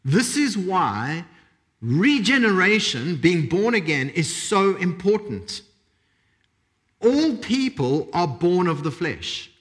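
A male pastor delivers a sermon, emphatic and repetitive, with dramatic pauses between phrases. His voice is high. His pitch swings widely as he drives each point home. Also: big pitch swings, a bit bright.

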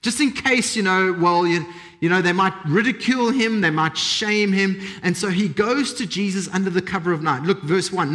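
A man preaching a sermon as a pastor, emphatic and repetitive, with dramatic pauses. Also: high-pitched, a bit bright.

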